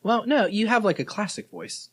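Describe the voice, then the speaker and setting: A man's voice: sits high, animated, normal speed, slightly rough. A young adult man co-hosting a podcast, cracking crude jokes and laughing often in casual chat. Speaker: podcast co-host.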